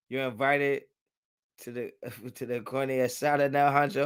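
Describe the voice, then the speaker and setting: A man's voice: medium pitch, flat delivery, unhurried, clear, resonant tone. A man hosting a casual live stream, reacting to viewer comments in loose, slangy talk. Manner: loose and slangy, talks back to chat. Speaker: livestream host.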